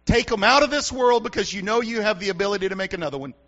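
Male pastor, high and bright voice, punchy repetitive preaching, muffled sermon recording. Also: very fast. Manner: emphatic, repetitive preaching with rhetorical questions.

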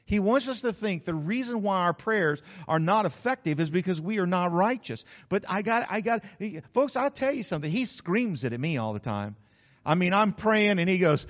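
A man's voice: high voice, animated, moderate pace. A middle-aged man preaching a conversational sermon, talking directly to his congregation and repeating key phrases for emphasis. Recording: muffled hall recording with long reverb.

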